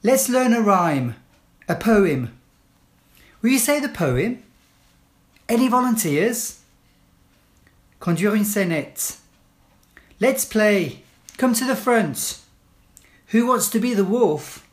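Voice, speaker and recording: A woman reading classroom English phrases one at a time, clearly and deliberately, as a language teacher. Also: medium pitch, lively intonation. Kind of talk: slow read-aloud list of classroom phrases.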